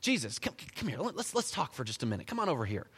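A man voicing Peter as a worried adult man who pulls his friend aside and pleads with him in a stammering, hushed way. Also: sits high, animated, brisk, creaky, husky, pitched above the performer's own voice, full character voice. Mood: hushed pleading.

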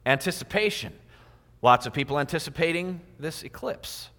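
A man's voice: fairly high pitch, animated, moderate pace, bright, forceful tone. A man giving a sermon in a church, acting out little everyday scenes with quoted voices. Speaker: preacher. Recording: long hall reverb.

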